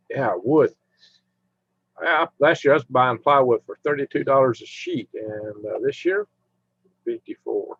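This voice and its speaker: A man's voice: mid-range voice, a little fast, dry recording. A man hosting a casual live stream, rambling as he chats with viewers and humming to himself. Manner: rambling, chatty, hums to himself while browsing. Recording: dull lo-fi mic sound.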